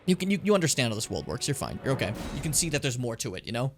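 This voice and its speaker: A man's voice: medium pitch, wildly swooping pitch, rapid-fire, a little hiss or hum. A man streaming a video game, giving casual commentary, chatty and joking, swearing freely and talking to his viewers.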